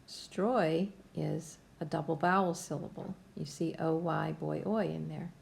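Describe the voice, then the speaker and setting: Patient woman teacher for a kids' phonics lesson; lowish, gravelly voice, slow delivery. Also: fairly even intonation, darkish tone, slight background noise. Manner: slow, patient, step-by-step instruction. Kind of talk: phonics lesson for young students.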